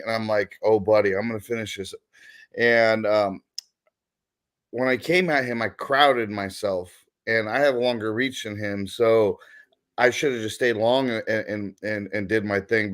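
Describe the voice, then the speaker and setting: A young man, a guest fighter, earnestly recounting a fight in a casual interview. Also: on the low side.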